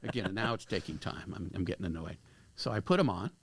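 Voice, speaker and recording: Man, guest storyteller, gravelly, mid-pitched, animated, dry studio sound. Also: fast, dry recording. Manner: animated, acts out dialogue with lively shifts. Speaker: guest, screenwriter and director. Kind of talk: casual anecdotal storytelling. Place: podcast studio.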